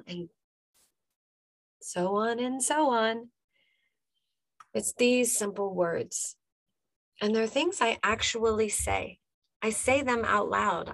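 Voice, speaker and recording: A woman's voice: medium pitch, no room sound. Emphatic woman life coach, dry close sound. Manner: emphatic, repeats punchy phrases, talks straight to the listener. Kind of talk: motivational podcast monologue.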